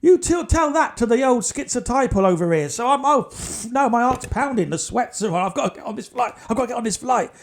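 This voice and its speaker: A comedy host telling a story off the cuff. He is animated and rushes ahead as the tension builds. His voice sits high for a man.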